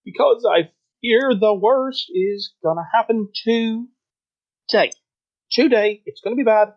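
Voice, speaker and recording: Guy doing a high jumpy rabbit guard, frets n swears, tabletop game voice. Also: takes it slowly, dull audio. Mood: worried. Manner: frantic, swearing, worrying. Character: jittery panicky male rabbit-folk guard.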